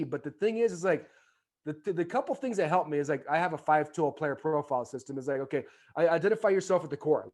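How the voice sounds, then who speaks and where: Fervent, rambling man, higher voice. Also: darkish tone. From United States. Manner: rambling, many fillers and restarts; fervent motivational delivery. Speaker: podcast guest, former baseball player. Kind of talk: casual interview storytelling.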